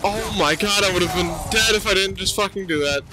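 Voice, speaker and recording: A man's voice: sits high, fairly quick, low-quality recording. A young man giving gameplay commentary, swearing constantly and ranting at the game in exasperation. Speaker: gameplay streamer. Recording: game music behind voice.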